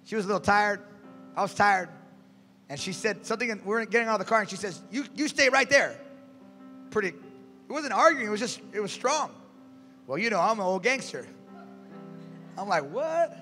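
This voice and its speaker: Bright high-voiced male preacher. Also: fairly quick, pauses often. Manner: animated, calls out to the congregation. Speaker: pastor. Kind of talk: sermon. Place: church sanctuary. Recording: reverberant church hall, faint music.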